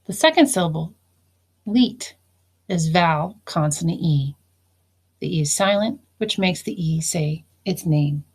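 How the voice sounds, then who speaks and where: A woman's voice: low-pitched, lively intonation, moderate pace, breathy edge. A woman teacher giving a recorded phonics lesson, spelling words out letter by letter and explaining each syllable.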